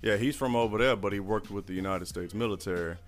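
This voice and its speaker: A man's voice: on the low side, fast, faint music behind. Laid-back, profane male podcast host. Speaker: podcast co-host, army veteran. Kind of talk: casual podcast chat.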